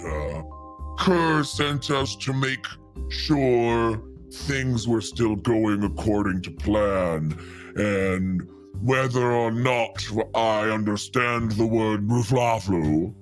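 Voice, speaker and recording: Man playing a pompous slow-talking delegate. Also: medium pitch. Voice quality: slow, deliberate, condescending. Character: confident pompous male delegate, large hands.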